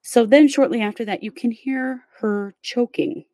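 Woman, podcast host, casual true crime storytelling, step-by-step, gravelly, dry close sound. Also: a little high, moderate pace, warm tone, no echo. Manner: conversational, recounts events step by step with fillers.

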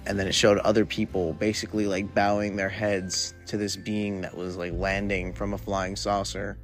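A young man hosting a solo podcast, rambling in a laid-back way with lots of filler words while high. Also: flat delivery, normal speed, faint music behind. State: high from smoking weed. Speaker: podcast host. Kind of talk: casual solo podcast monologue.

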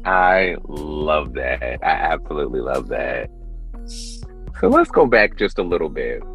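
A man's voice: very deep voice, very animated, measured pace, muffled recording, soft background music. A man hosting a podcast interview, playful and sassy, calling his guest honey. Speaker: podcast host. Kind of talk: casual interview chat.

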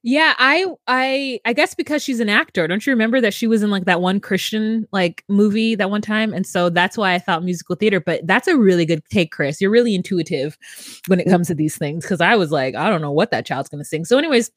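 A woman's voice: mid-range voice, fairly quick, no room sound, clean studio sound. A woman co-hosting a podcast, recapping reality TV in a chatty, giggly way. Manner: chatty, giggly, does mock voices. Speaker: podcast co-host. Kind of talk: casual reality TV recap chat.

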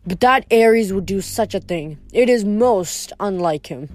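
A woman's voice: medium pitch, lively intonation, measured pace, dry recording, lightly acted. Woman reading as a menacing male sky god. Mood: grudging. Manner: grumbling, threatening. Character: stern male king of the gods, menacing.

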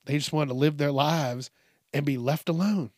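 A man's voice: on the high side, moderate pace, dry recording. Male podcast host, crude comedic ranter, dry close mic. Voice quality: crude, swearing constantly. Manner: animated, mock voices for quoted people. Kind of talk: profane comedic rant.

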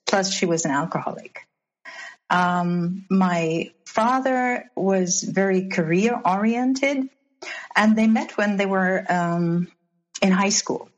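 A woman in her fifties speaks in an earnest, reflective way, pausing on ums and restarting her sentences as she tells her own story. Her pitch sits in an ordinary middle range. The sound is dull and lo-fi, like a remote call. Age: 50s. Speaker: interview guest. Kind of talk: personal storytelling in an interview.

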